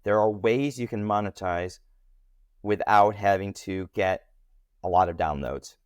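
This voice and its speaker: A man speaking as a podcast guest in a casual interview, talking animatedly with lively jumps in pitch. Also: normal speed, clean tone, dry recording, clean studio sound.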